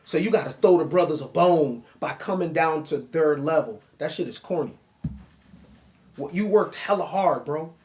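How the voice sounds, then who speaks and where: A man with a high-pitched voice delivers a reaction commentary monologue. He lectures in an animated, mocking way, talking straight at the person he criticizes. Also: normal speed. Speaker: online commentator.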